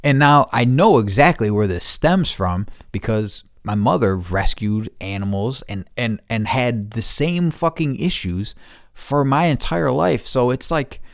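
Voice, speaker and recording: A man's voice: mid-range voice, animated, measured pace, vocal fry, dry recording, studio quality. A man delivering an angry, profane monologue, repeating himself and restarting sentences as he vents. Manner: angry, heavy swearing, repeats words, restarts. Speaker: podcast host.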